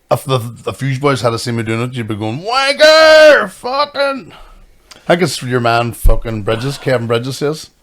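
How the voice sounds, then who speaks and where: A Northern Irish man trades quick, crude jokes as a podcast co-host. His talk is loose and casual, full of swearing and laughter. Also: fairly low pitch. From Northern Ireland. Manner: sweary, fast, joking banter. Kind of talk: casual chat.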